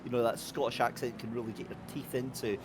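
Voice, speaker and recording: A man commentating a sim race, excitable and jokey as he banters with his co-host. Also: medium pitch, quick pace, crowd noise.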